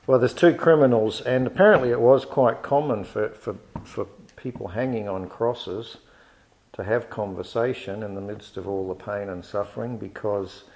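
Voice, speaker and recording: A man preaching a sermon in an earnest, measured way, reading scripture aloud and building to emphatic rises. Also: on the low side, darkish tone, rough recording.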